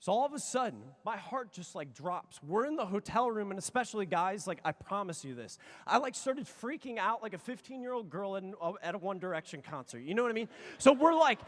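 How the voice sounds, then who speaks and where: A man in his thirties, a youth conference speaker telling a story with excitable energy and sudden shouts. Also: sits high, brisk. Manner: excitable, animated, bursts into shouts. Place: large conference hall. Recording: long reverb of a big hall.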